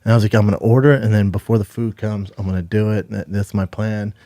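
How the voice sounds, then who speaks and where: Relaxed man telling a high school story. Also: quick pace, no echo, clean studio sound. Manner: relaxed, laughing, swears casually, mimics others. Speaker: podcast co-host. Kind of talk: casual storytelling chat.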